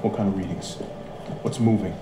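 A man playing a curt, gruff soldier. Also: low-pitched, steady tone, brisk, natural voice. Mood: stern. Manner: curt, commanding. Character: gruff, secretive male soldier. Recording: roomy game audio, clear noise.

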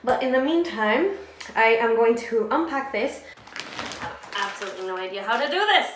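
An excitable young woman in her twenties chats to her phone camera in a casual vlog, her talk full of "like" and small laughs. She is filming in a bare, empty flat, so her voice carries a slight room echo. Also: on the high side, moderate pace, music in the background. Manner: chatty, excitable, filler-heavy with frequent laughs. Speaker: vlogger. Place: empty echoey flat indoors.

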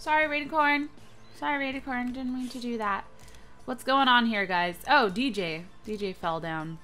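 A young woman hosting a gaming channel, giving excitable, playful let's-play commentary with frequent squeals and giggles. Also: a little high, moderate pace, faint music behind.

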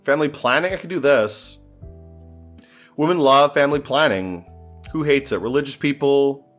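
A man's voice: medium pitch, moderate pace, a bit bright, faint music behind. A man thinking aloud as he plays a strategy game, often exasperated and swearing. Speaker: gameplay commentator. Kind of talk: casual gameplay commentary.

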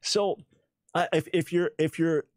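Speaking a little slowly with fairly even intonation, a talk show host with a voice on the high side runs through an emphatic, incredulous monologue, often repeating words for effect. He keeps a smile in his voice and isn't taking it personally. The recording is dry.

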